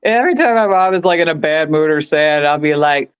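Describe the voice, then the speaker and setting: A woman's voice: low-pitched, expressive, fairly quick, clean tone. A woman who is a Navy veteran, chatting casually over a video call and laughing often as she talks. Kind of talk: casual chat.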